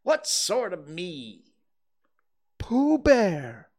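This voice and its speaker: A man voices a slow, simple-minded bear from a storybook, pitched well up and dawdling over every word. He hesitates and trails off, starting many lines with a small "uh". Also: wildly swooping pitch, a little mellow, heavily acted. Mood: hesitant.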